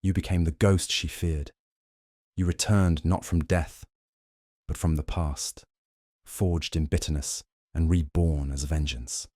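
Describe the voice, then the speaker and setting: A shrewd, theatrical detective, voiced by a male audiobook reader lays out his case in a low, deep voice. He is measured and grand, slipping into French now and then. The sound is close and dry. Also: steady tone, darkish tone, no echo. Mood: triumphant. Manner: measured, dramatic accusations with French phrases. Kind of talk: audiobook character reading.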